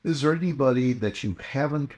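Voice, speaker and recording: A man's voice: mid-range voice, brisk, a little mellow. A man hosting a casual interview, affable and encouraging, with lots of short affirmations. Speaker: podcast host.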